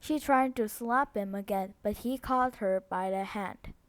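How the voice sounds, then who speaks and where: A woman's voice: mid-range voice, measured pace, no room sound. Novel reader: a woman, non-native in English, reading steadily with small stumbles, close and dry. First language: Korean. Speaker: book reader.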